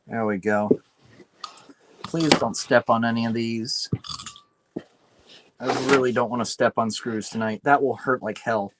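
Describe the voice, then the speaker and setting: A man's voice: mid-range voice, steady tone, measured pace, pauses often, background noise. A man streaming late at night while building a PC, muttering, swearing and rambling to himself as he works. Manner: rambling, self-deprecating. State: tired, up late. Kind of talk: casual livestream chat while building a PC.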